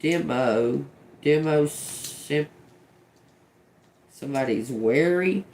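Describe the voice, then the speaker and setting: Her voice deep and a little mellow, a middle-aged tarot reader on a livestream speaks very slowly through a casual live reading. She swears, murmurs lone words as they arrive and giggles frequently.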